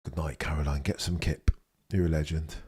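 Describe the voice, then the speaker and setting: A man's voice: extremely low pitch, little pitch movement, a little fast, darkish tone, slightly rough. A young man hosting a casual live watchalong stream, chatting and answering viewers' messages as he talks. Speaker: livestream host.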